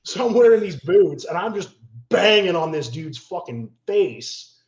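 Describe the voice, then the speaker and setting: A man's voice: high voice, a little slow. Guy telling a bar fight story on a podcast, swears a lot, acts out voices, roomy dull sound. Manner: animated, profane, acts out quotes. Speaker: podcast guest, bouncer. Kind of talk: casual storytelling.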